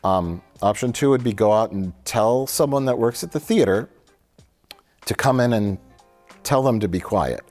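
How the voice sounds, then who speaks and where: Low voiced guy ranting on a movie review show, swears a lot, does little voices for quotes, faint music under it. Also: expressive, moderate pace, a little mellow. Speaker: film review co-host. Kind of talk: casual chat.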